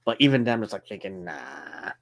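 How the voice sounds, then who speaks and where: A man chatting casually with a friend on a stream, relaxed and steering the talk back on topic. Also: on the low side, normal speed, creaky. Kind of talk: casual chat.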